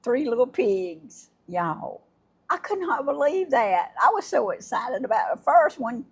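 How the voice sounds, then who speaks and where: An older woman, hosting a casual livestream and chatting warmly and effusively with her viewers, laughing often. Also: a little high, big pitch swings, a little slow, slightly rough. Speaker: livestream host. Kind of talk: casual live chat unboxing gifts.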